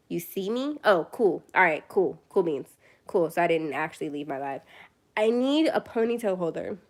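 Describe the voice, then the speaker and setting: A young woman chatting casually on her first phone livestream, tired late at night, rambling and self-deprecating. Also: on the low side.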